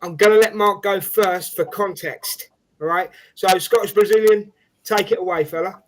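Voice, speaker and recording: A man hosting a casual football fan show, chummy and quick to agree with his guests. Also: high-pitched, fairly even intonation, poor audio. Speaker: host.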